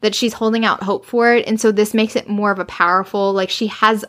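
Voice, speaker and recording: A woman's voice: medium pitch, steady tone, a little fast, fairly bright tone. A woman in casual chat about a book, swearing freely and acting out the scenes she retells. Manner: candid and profane, acts out scenes with quoted voices. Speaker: book discussion co-host.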